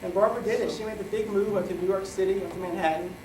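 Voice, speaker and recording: A middle-aged man giving a rambling, joking wedding toast, halting often with fillers as he loses his thread. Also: sits high, steady tone, noisy background. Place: wedding reception hall. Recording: echoey hall from far off, crowd chatter.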